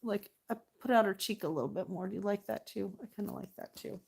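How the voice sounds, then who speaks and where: A woman's voice: medium pitch, quick pace, creaky, a little mellow, breathy edge. A middle-aged woman chatting casually while she paints live, talking to her painting and thanking viewers. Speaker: artist livestreaming.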